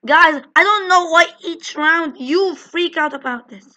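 A woman's voice: very high-pitched, a little slow, sharp tone. A woman hosting a casual multiplayer game video, joking and laughing as she plays and talks to viewers. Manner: giggly, jokey, talks to viewers. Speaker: gaming channel host. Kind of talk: casual let's-play chat.

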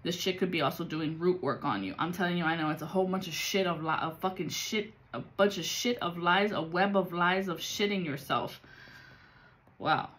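A woman's voice: lowish voice, normal speed, fairly bright tone. A woman giving a casual spiritual reading, blunt and full of profanity and street slang. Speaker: psychic reader.

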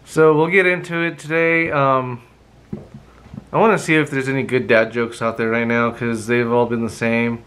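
A man's voice: mid-range voice, little pitch movement, normal speed, a bit bright. A man chatting casually in a morning vlog, rambling with lots of ums and reading dad jokes aloud. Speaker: vlogger.

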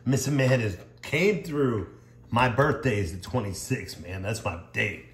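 A man's voice: fairly low pitch, unhurried. A man vlogging as he scratches lottery tickets, exclaiming to his viewers, tearful and overwhelmed, rambling as he talks. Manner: exclaiming, emotional, rambling, addressing viewers as y'all. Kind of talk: excited casual commentary. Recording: echoey room with background noise.

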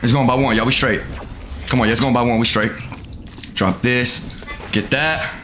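A young man gives profane live commentary on his game, muttering at times and yelling at others. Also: mid-range voice, steady tone, normal speed. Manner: profane, swings from mutters to loud outbursts. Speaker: gamer streaming his play. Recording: echoey room with clear noise.

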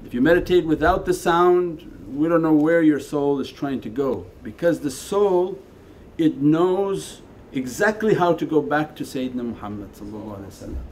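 A man teaching as a Sufi teacher in a spiritual lecture, talking conversationally and moving between quiet asides and emphatic lines. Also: a little high, moderate pace, few pauses, slight background noise. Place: meditation center hall.

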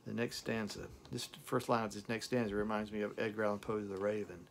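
Gravelly man reciting lyrics with passion. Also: fairly low pitch, level tone, slight background noise. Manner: dramatic, slowed recitation with repeated words. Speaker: song reviewer. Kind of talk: impassioned lyric recitation and commentary.

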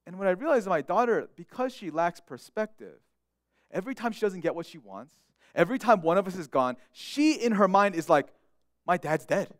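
A young male pastor preaches in an earnest, heartfelt way, often doubling back and repeating words as he restarts a thought. His voice sits high for a man and swings widely in pitch. The sound is close and dry. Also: big pitch swings, fairly quick, no echo. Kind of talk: sermon.

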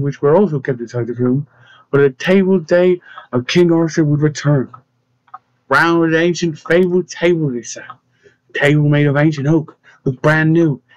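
A man's voice: fairly high pitch, a little mellow, no echo. Man narrating a storybook, light small character voices, dull sound, dry close mic. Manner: reads dialogue with small voice changes.

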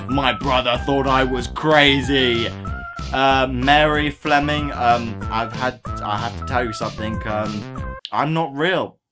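A man vlogging as he reads viewer comments aloud, playful and jokey with sudden silly outbursts. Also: mid-range voice. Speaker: YouTuber reading viewer comments. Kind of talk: goofy comment-reading vlog.

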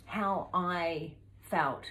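A woman in her fifties with a lowish voice talks straight to camera, recounting a journey with lively, laughing energy and quick impressions of the people she met. Her voice rings off the walls of an echoey room, with a faint hum of background noise beneath it. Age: 50s. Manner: animated, laughing, acts out voices in her stories. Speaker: travel vlogger. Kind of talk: casual storytelling to camera.

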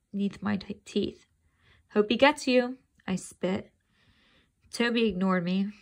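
A woman's voice: mid-range voice, gravelly. A woman reading a children's chapter book aloud in a casual way, stopping to think aloud and quiz her listeners.

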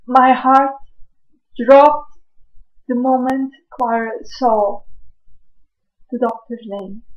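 A woman's voice: fairly high pitch, drawn-out words, highs cut off. A woman reacting to a TV episode on her webcam at home at night, gushing and exclaiming over and over. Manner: gushing, keeps exclaiming and repeating herself. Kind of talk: excited reaction vlog.

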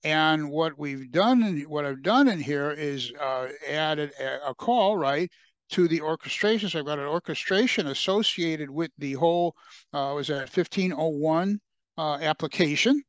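A man presenting a software demo in a webcast, talking through his screen with frequent fillers and restarts. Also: on the high side, no room sound. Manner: halting, many fillers and restarts.

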